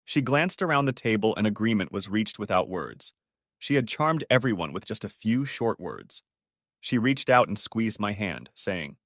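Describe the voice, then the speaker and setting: A man narrating a story audiobook in a steady, expressive reading style. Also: on the low side, normal speed, no echo, clean studio sound.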